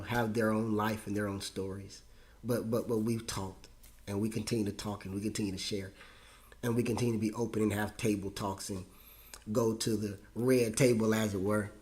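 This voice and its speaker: A man in his forties, a pastor hosting his own show, telling a personal story with feeling and frequent repetitions, his voice jumping high when moved. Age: 40s. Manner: emotional, repeats himself, voice rises high when moved.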